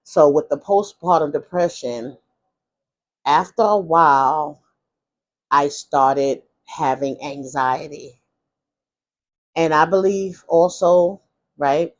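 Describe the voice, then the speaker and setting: A woman vlogger telling her own life story in a candid, casual way. She rambles frankly, restarts her sentences and adds asides. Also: low voice.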